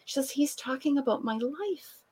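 Lively woman telling stories. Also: high voice, moderate pace. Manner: animated, acts out quoted voices, laughs often. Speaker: author and guest. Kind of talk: conversational storytelling.

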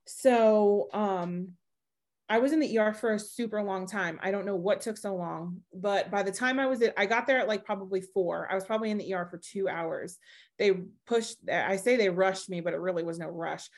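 A woman's voice: mid-range voice, moderate pace. Chatty woman telling a personal story. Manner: animated, laughs often while telling her story; chatty, with many fillers and acted-out quotes. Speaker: podcast guest.

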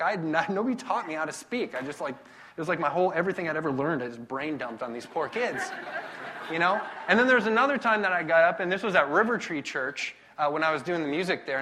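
A pastor delivers a relaxed sermon full of personal stories, poking fun at himself as he goes. His voice is bright and ringing, sitting a little higher than most men's. He talks in a loose, conversational, animated way. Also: quick pace, a little hiss or hum. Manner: self-deprecating, conversational, animated storytelling.

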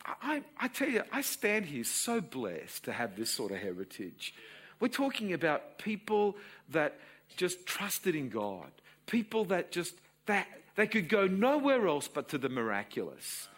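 A pastor in his sixties with an Australian accent preaches to his congregation, telling a family story in an animated storytelling manner as part of his sermon. His voice is high with a breathy edge, and he speaks at a measured pace.

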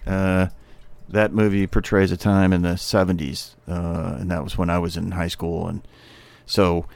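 A man's voice: low-pitched, creaky, no echo. A man in his sixties, a psychologist and addiction counselor, hosting his podcast in a loose, rambling monologue full of fillers.

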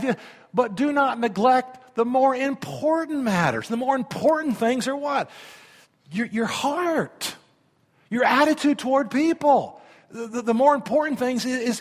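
A man in his fifties preaching a sermon as pastor, animated and conversational, often repeating words and asking the listeners questions. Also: sits high. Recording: long reverb of a large hall.

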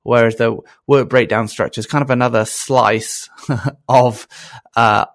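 Man, podcast host, gravelly voice, dry close sound, musing, thinking aloud. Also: medium pitch, fairly even intonation, a little slow, no echo. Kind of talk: casual podcast conversation.

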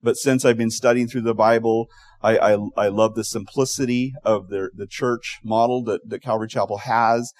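A man's voice: on the low side, steady tone, normal speed, darkish tone, dry recording. A male pastor preaching a sermon, telling stories and acting out quotes, with frequent restarts.

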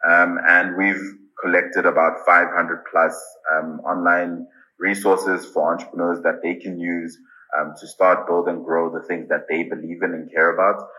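A man speaking as a podcast guest, earnest and deliberate, often pausing with ums and repeating "I really think". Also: low-pitched, flat delivery, pushed and bright, poor audio. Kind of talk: casual interview answers.

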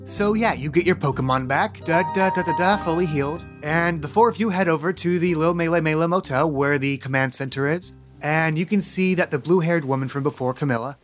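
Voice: medium pitch, fairly quick, hardly any pauses, faint music behind. A game master casually narrating a tabletop role-playing game.

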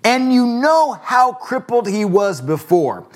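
A man preaching a sermon with fervent, emphatic peaks, falling into relaxed conversational storytelling between them. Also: very high-pitched, slow pace. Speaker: pastor.

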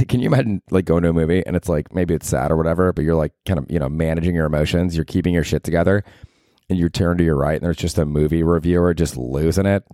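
A man with a very low voice rambles through a casual solo podcast, cursing freely. The sound is close and dry, with no room around it. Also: quick pace, warm tone, no room sound. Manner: rambling, profane, chatty. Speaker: podcast host. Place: his apartment at night.

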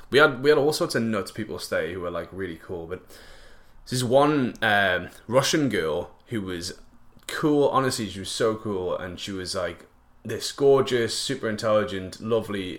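A man's voice: sits low, fairly bright tone. A young man, chatting casually and jokily to camera, rambling with lots of fillers and slang. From northeast England.

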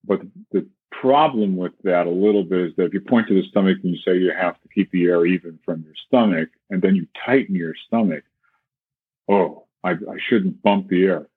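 A man's voice: low-pitched, a little fast, few pauses, slightly rough, no room sound. A man, a flute teacher, explaining breathing in a casual conversation and demonstrating with sung syllables and quoted voices. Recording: tinny phone-like call audio.

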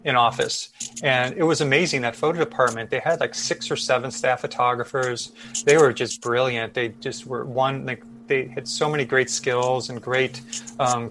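Man in his fifties, mid-pitched, loose rambling storyteller on a podcast. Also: pushed and bright. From Chicago, USA. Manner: rambling with many fillers and restarts. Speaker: podcast guest photojournalist. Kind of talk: casual storytelling interview.

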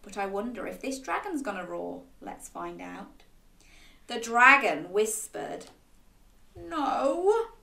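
Woman, children's storyteller, animated picture-book reading, interactive, slow, bright, echoey room. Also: medium pitch, creaky. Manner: animated, interactive, asking listeners to join in.

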